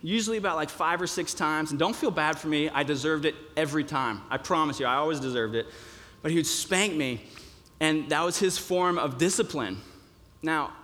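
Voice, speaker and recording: Young male preacher, slightly high voice, chatty sermon delivery full of fillers, big hall reverb. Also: normal speed, a bit bright. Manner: conversational, with many fillers and restarts.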